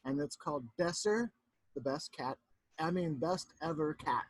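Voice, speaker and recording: A man reads a picture book to young children on a home video, breaking off often to chat with them about the pictures. His voice sits a little high and sounds husky, and the recording is dry and close. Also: measured pace, dry recording. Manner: animated, chatty, talks to the kids. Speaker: teacher.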